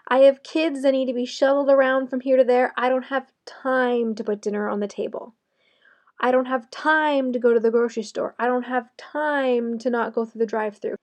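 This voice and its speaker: A woman's voice: a little high, steady tone, normal speed, a little mellow. A young adult woman giving a motivational solo talk, conversational with sarcastic asides and light laughs.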